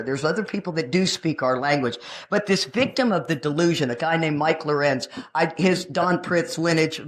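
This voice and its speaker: A middle-aged woman giving a recovery talk, brash and joking, acting out the people she quotes. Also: deep voice. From Texas. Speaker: recovery meeting speaker. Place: meeting room.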